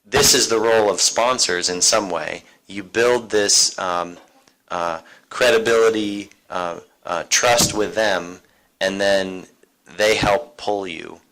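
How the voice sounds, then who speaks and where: A man's voice: fairly low pitch, fairly even intonation, slow pace, a bit bright, low-quality recording. A man speaking on an alumni career panel at a university seminar, talking casually with fillers and restarts. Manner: conversational, many fillers and restarts.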